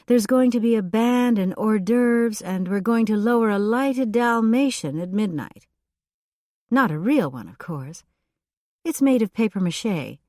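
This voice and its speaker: A woman narrator voicing a breathy, scatterbrained female fire dispatcher in an audiobook, with an eager, pleading manner. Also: a little high, animated, a little slow, darkish tone, no echo, clean studio sound, pitched above the performer's own voice. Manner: eager, pleading, then frantic. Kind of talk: audiobook character voice.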